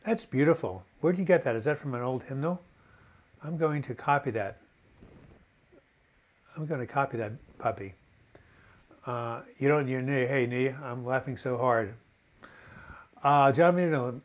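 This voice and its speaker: A man's voice: medium pitch, moderate pace, long pauses. Rambling, earnest man hosting a live chat. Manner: rambling, reads viewer comments aloud, frequent fillers and restarts; encouraging, earnest. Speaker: live-chat host answering viewer questions. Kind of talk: casual unscripted live chat.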